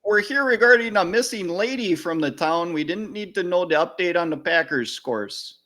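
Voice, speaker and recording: A man's voice: sits high, lively intonation, moderate pace, bright, forceful tone, pitched above the performer's own voice. A man doing a scolding small-town cop. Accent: Wisconsin. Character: stern small-town male police officer.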